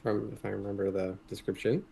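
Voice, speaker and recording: A man playing a tabletop game who talks eagerly and excitedly about his character's gear. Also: on the low side, brisk, vocal fry. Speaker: player.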